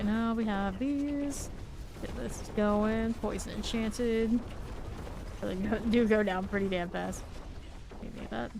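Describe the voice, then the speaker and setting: A woman's voice: medium pitch, creaky, background noise. A woman streaming a game live, chatting casually and narrating her moves with small laughs. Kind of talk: casual live gameplay commentary.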